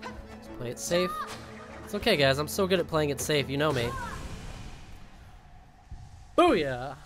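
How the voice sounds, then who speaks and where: Young man, game streamer, casual rambling commentary, swears freely, slightly high for a guy, excitable bursts. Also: measured pace, faint music behind.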